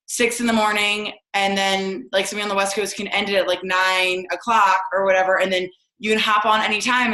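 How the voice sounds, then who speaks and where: A woman's voice: medium pitch, fairly bright tone, echoey room, low-quality recording. A woman on a video call who talks while working out, rambling in a breezy way full of fillers. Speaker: team coach sharing a plan. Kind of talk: casual chat on a video call.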